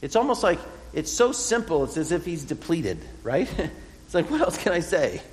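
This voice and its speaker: Expressive preacher in a reverberant hall. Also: male voice, a little high, moderate pace, slight background noise. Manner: earnest, expressive, acts out voices of the psalmist. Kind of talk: sermon.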